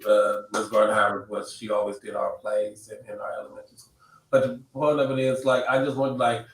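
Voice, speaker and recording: Halting, reflective man in a roomy space. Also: fairly low pitch, flat delivery. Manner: halting, reflective, many restarts. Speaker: roundtable guest. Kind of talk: casual roundtable discussion. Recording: roomy, distant mic.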